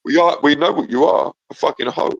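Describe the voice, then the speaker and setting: A man's voice: fairly high pitch, a little fast, gravelly, no room sound, muffled recording. A man arguing angrily on a call-in show, hurling insults and repeating himself. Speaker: caller. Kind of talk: heated argument on a call-in show.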